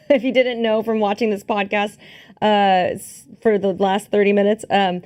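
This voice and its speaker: Woman, podcast co-host, casual talk, halting, fillers, giggly. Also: medium pitch, little pitch movement, darkish tone. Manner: hesitant, laughs often, many fillers. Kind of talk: casual movie review chat.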